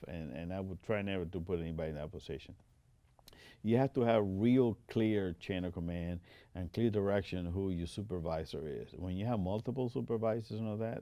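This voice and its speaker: A man's voice: low voice, mellow, no room sound. An older man with a Spanish accent and Spanish as his first language, a veteran telling stories in an interview with many restarts. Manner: recounts stories with quoted dialogue, frequent restarts. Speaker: Air Force veteran interviewee. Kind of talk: interview storytelling. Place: interview studio.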